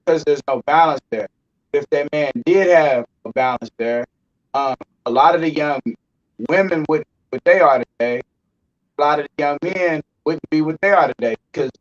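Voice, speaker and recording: A man in a casual group conversation, speaking earnestly and adding pointed warnings. His voice sits a bit high, and his mic sounds muffled and lo-fi.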